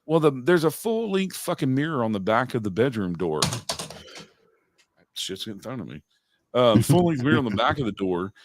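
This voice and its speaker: A man's voice: medium pitch, very animated, normal speed. A man co-hosting a podcast in casual chat, swearing often and laughing as he tells his stories. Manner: profane, laughs often while telling stories. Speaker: podcast co-host.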